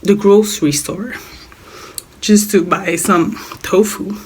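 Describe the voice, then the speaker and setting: Hoarse, coughing young woman. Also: mid-range voice, takes it slowly, darkish tone, a little hiss or hum. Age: young adult. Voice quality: raspy, smoker-like voice. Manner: rambling, repeats words, apologizes. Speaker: vlogger. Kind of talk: casual life-update vlog.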